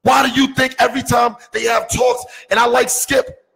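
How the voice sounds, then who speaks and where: A man's voice: very high-pitched, level tone, normal speed, vocal fry, fairly bright tone, husky, big-room sound, soft background music, low-quality recording. A man in casual sports talk, arguing his point with emphatic rhetorical questions.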